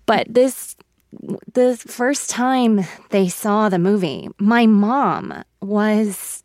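A woman's voice: medium pitch, animated, drawn-out words, darkish tone, dry recording, clean studio sound. A woman guest in a radio interview, talking reflectively and getting emotional, often laughing between thoughts. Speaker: actress guest.

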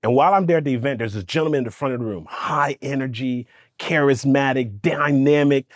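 Animated storytelling man, dry sound. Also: mid-range voice, a little fast, few pauses, no room sound. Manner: lively, does voices for people in his stories, stammers when excited. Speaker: podcast guest, speaking coach. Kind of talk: animated storytelling in casual interview.

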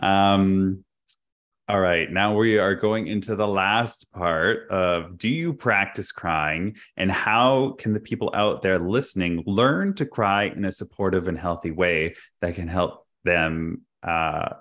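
A man's voice: sits low, fairly bright tone. A man co-hosting a podcast, talking candidly and reflectively in casual chat. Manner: candid, reflective, quick to laugh. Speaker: podcast co-host.

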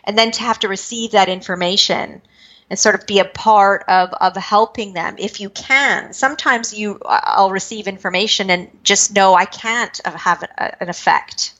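A woman from British Columbia, Canada, a spiritual medium, telling her life story in an interview, quick-moving and acting out her own past thoughts. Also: mid-range voice, steady tone, a bit bright. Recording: dull lo-fi recording.

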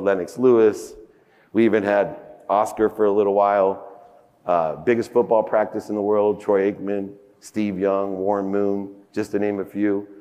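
A man in his fifties giving a motivational keynote speech on a conference stage, telling a personal story with big emotional swings in pitch and loudness. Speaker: keynote speaker. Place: large conference hall stage. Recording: echoey conference hall.

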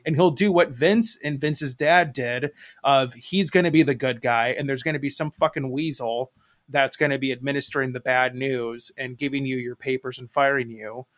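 A man's voice: mid-range voice, steady tone, moderate pace, a bit bright, no echo. Michigan man, podcast co-host, loose rambling delivery with casual swearing, dry close sound. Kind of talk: casual chat.

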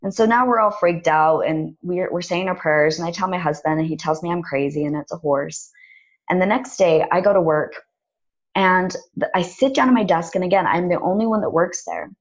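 Husky-voiced woman telling a dramatic story. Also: lowish voice, a little fast, muffled recording. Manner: animated, dramatic retelling with acted-out quotes. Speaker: podcast guest. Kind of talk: personal storytelling in conversation.

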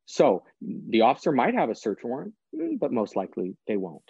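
A man's voice: mid-range voice, huge pitch swings, a little fast, creaky, darkish tone, slightly rough, no room sound, lo-fi sound. A man, a guest author and prosecutor, explaining practical steps in an earnest, plain-spoken way during a podcast interview.

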